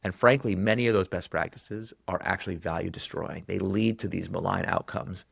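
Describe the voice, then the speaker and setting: Low gravelly male guest, animated storyteller, dry close sound. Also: no echo. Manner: animated, acts out quoted dialogue with quick pitch jumps. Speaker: guest author. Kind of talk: conversational storytelling.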